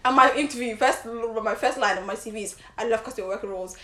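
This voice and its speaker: A young woman co-hosting a casual podcast chat, telling stories in an animated way with plenty of laughter. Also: a little high, fast talker. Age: young adult. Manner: animated storytelling with frequent laughter. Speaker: podcast co-host.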